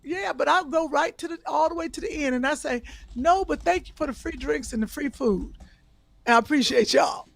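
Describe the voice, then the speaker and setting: A woman's voice: high voice, moderate pace, vocal fry. A woman co-hosting a comedy podcast, a brash and playful storyteller in casual chat. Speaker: co-host.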